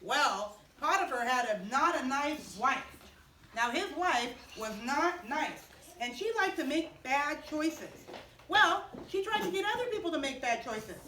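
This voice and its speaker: High-voiced lady teaching kids a bible story in a chapel, echoey, mic far off, bit of noise. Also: a little slow. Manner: animated, asks children questions.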